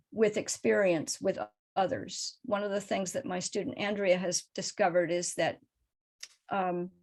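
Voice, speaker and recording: A middle-aged woman who researches crows answers audience questions over a video call after giving her talk as a guest speaker. Her mid-range voice has a darkish tone, and she explains things thoughtfully, taking care not to oversimplify.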